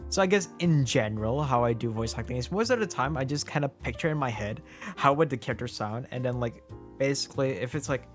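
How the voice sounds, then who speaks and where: A man's voice: mid-range voice, lively intonation, quick pace, soft background music. A man, a voice actor, chatting casually and often echoing what the others say. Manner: agreeable, echoes others. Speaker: voice actor, podcast co-host. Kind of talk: casual chat.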